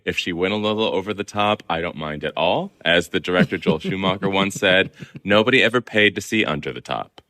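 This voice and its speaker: Articulate male guest from Southern California, very deep voice with a crisp, forceful tone. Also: fairly quick. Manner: articulate, opinionated. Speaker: guest film columnist. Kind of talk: conversational interview.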